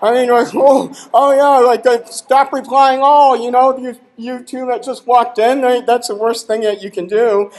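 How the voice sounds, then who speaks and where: High-voiced man joking on stage. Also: steady tone, moderate pace, few pauses, rough recording. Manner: joking, exasperated, teasing the audience. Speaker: conference presenter. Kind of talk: humorous short talk. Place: conference hall.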